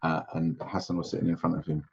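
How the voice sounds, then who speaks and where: Low, husky male religious teacher. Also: monotone, quick pace, a little mellow, dull audio. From Sylhet, Bangladesh. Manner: conversational, storytelling, frequent restarts. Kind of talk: informal lecture with anecdotes.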